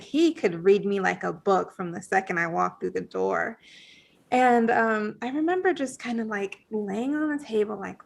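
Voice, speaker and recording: A woman guest on a podcast telling a personal story in a casual, animated way, full of fillers and acted-out thoughts. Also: medium pitch, gravelly. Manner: animated, many fillers, acts out her own past thoughts.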